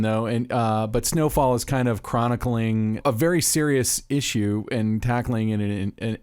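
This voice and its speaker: A man hosting a podcast, asking questions in a relaxed, curious conversational way. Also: medium pitch. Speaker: podcast host. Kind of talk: conversational interview.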